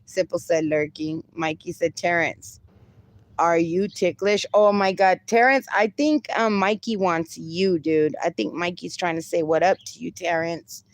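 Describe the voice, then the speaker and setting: During a casual livestream, a woman with a lowish, unhurried voice reads viewer comments aloud and banters with them, laughing often.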